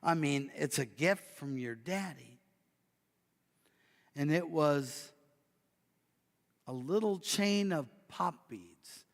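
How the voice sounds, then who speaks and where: A man preaching and telling a story, swinging from loud bursts to near whispers. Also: on the high side, animated, slow, vocal fry, long pauses. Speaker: pastor. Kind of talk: sermon storytelling. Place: church sanctuary. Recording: long church hall reverb.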